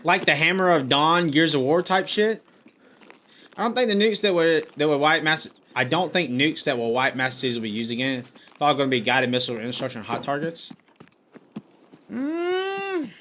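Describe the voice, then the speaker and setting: A man's voice: fairly high pitch, bright, forceful tone, slight background noise. A man streaming a game live, talking casually to his chat, frustrated and swearing as he rambles.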